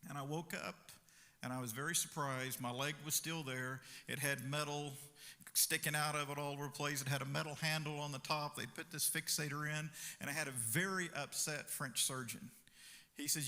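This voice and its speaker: A man preaching a sermon and telling a personal story in a conversational way, with fillers and quick asides. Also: fairly high pitch, steady tone, bright, forceful tone. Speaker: pastor. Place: church sanctuary. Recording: reverberant church hall.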